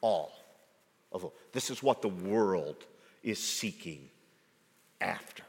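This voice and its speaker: Slow-preaching man in a reverberant hall. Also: sits low, expressive. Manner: measured delivery, rising to emphatic rhetorical questions. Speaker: pastor. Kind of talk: sermon.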